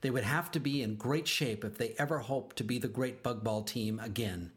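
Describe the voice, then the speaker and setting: Man reading a children's storybook aloud. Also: medium pitch. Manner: expressive, slows down for emphasis. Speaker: narrator.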